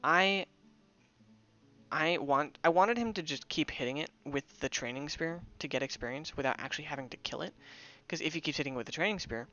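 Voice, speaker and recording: A man's voice: a little high, brisk, bright, forceful tone, highs cut off. A young man chatting loosely while streaming a game, rambling with many restarts. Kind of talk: casual gameplay commentary.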